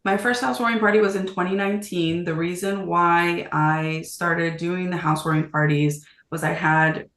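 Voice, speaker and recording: A woman in her thirties talks as a podcast guest, brisk and casual. She laughs easily, and her voice rings in an echoey room. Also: fairly low pitch, steady tone, a bit bright. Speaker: guest, real estate agent. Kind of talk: casual interview chat.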